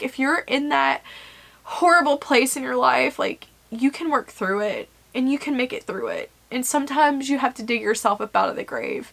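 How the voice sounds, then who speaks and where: A woman's voice: high-pitched, gravelly, fairly bright tone. A young woman, an author talking earnestly and emotionally to her viewers in a rambling casual vlog. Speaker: self-published author and vlogger.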